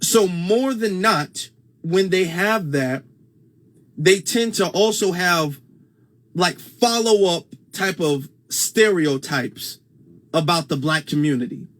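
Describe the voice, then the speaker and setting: High-voiced man hosting a casual livestream. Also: takes it slowly, a bit bright. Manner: conversational, repeats points, reads viewer comments aloud. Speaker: host.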